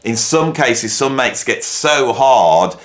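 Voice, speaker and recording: A man's voice: mid-range voice, animated, slow pace. A middle-aged man, ranking things in a rambling, mock-indignant monologue with dry humor. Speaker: video host.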